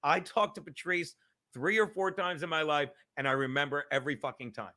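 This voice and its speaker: A middle-aged man hosting his own show, ranting in a loud, profane, excitable comedic monologue. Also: fairly high pitch, fairly quick. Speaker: podcast host.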